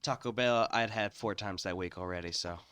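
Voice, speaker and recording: A man's voice: fairly low pitch, a little fast, fairly bright tone, smooth. A man co-hosting a podcast, starting his story with hesitant restarts before playing out each voice in it. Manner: hesitant starts, then acts out every voice. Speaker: podcast co-host. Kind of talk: casual storytelling.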